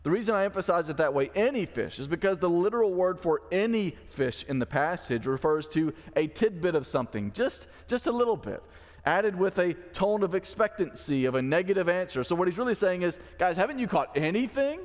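A man's voice: high voice, animated, a little fast. A pastor giving a conversational sermon in church, acting out the quoted lines of the story he is teaching. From Mississippi. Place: church sanctuary. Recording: long church hall reverb.

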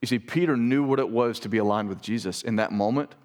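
A man preaching a sermon as pastor, earnest and emphatic, repeating words and dropping to a quiet voice for emphasis. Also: medium pitch, fast.

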